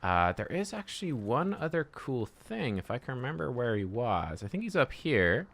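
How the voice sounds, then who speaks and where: A man's voice: medium pitch, very animated, moderate pace, vocal fry, a bit bright. A man giving chatty, upbeat gameplay commentary as host of a gaming video, laughing often.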